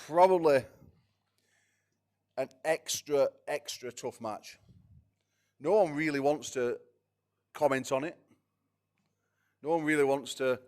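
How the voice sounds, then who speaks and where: Excitable man hosting a press conference. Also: medium pitch. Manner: excitable, swears and stumbles over repeated words.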